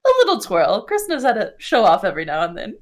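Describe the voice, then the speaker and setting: A woman's voice: medium pitch, wildly swooping pitch, fairly quick. A woman player in a tabletop game, loosely describing her character's actions with a giggle. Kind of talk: tabletop role-play.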